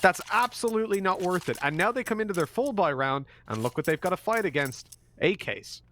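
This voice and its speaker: A young Irish man commentating an esports match with animated, jokey and opinionated banter. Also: sits high, a little fast, a little hiss or hum. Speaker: esports caster.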